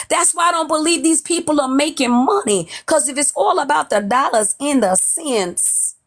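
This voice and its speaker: High-voiced sassy woman with a Southern drawl. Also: fairly bright tone. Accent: put-on Southern drawl. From New York. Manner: blunt, sassy, cusses freely. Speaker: livestream host. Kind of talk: casual livestream gossip commentary. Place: at home, off camera.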